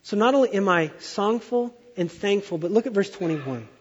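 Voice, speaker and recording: A middle-aged male pastor preaching a sermon in a church, an animated storyteller who exaggerates for effect. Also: high voice, moderate pace, husky. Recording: dull sound with long hall reverb.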